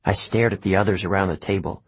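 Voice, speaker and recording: Male first-person audiobook reader, husky low voice, lively delivery, dry close recording. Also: quick pace, dry recording. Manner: expressive storytelling. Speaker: audiobook narrator.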